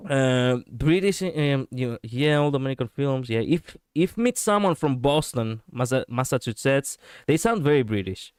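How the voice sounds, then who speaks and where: Male VTuber streamer, casual and chatty, smooth clear voice, dry close mic. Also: mid-range voice, animated, normal speed, hardly any pauses, no echo. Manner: rambling, chatty, laughs often, self-correcting. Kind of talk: casual livestream chat reading viewers.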